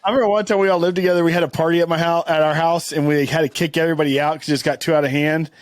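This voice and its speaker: Brief: young man, high and very lively voice, dry close sound, swears freely. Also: rapid-fire, no echo. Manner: animated, acts out quotes, profane. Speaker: podcast co-host. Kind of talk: casual chat.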